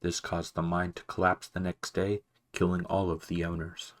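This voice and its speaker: A man's voice: sits low, monotone, normal speed, natural voice. A man voicing an ancient, mumbling mouse. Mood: doddering. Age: older. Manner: soft, mumbling, fussy, barely above a whisper. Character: ancient male mouse archivist, wise, absent-minded.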